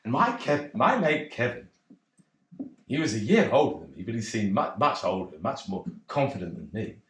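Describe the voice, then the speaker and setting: A man's voice: lowish voice, very animated, normal speed, a bit bright. An actor playing a bashful, rambling cocktail pianist in a one-man stage monologue, hesitant and self-deprecating. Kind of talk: theatrical monologue. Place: theatre stage. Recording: roomy theatre.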